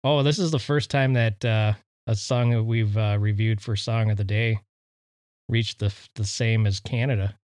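A man's voice: on the low side, steady tone, moderate pace, a little mellow, dry recording, clean studio sound. A man co-hosting a casual chat show, easygoing and offering facts with many fillers. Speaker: podcast co-host.

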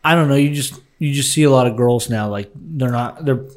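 A man's voice: medium pitch, fairly quick. A man in his twenties co-hosting a podcast, making wry, blunt jokes in casual chat. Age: 20s. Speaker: podcast co-host.

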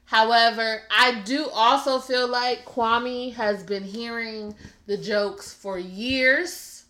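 A woman co-hosting a casual podcast chat, laughing often and quoting others in a flat lower voice. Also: slow. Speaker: podcast co-host. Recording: echoey room.

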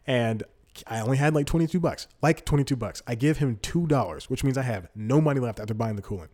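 A man's voice: mid-range voice, animated, fast, a little mellow. A man in his twenties hosting a solo comedy podcast, rambling through stories with frequent restarts and laughs. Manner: rambling, restarts often, laughs mid-sentence. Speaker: podcast host.

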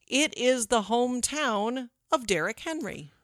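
A woman hosting a podcast, telling offbeat news stories with wry, deadpan humor. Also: fairly high pitch, a little slow, dry recording, clean studio sound. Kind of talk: casual podcast chat.

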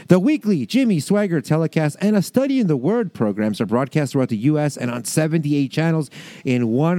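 A man's voice: mid-range voice, mellow, no room sound. A man co-hosting a casual chat, rambling with lots of fillers and laughs, reading excerpts aloud. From American South. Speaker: podcast co-host.

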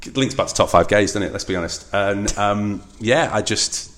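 A man co-hosting a casual podcast chat, laughing often and retelling film scenes with animated asides. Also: on the low side, moderate pace, slight background noise. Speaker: podcast co-host.

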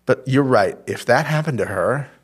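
A man's voice: medium pitch, animated, moderate pace, slightly rough. A man co-hosting a casual podcast, talking animatedly and acting out quotes in put-on voices. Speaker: podcast co-host. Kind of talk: casual chat.

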